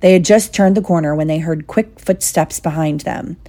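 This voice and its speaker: Low-voiced woman reading a story. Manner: steady, measured storytelling. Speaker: audiobook reader. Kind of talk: audiobook narration.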